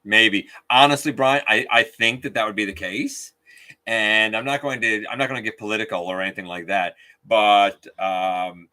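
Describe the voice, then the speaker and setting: A man's voice: on the low side, moderate pace, pushed and bright. A man hosting a casual live stream, chatting openly and outspokenly while reading out viewer comments.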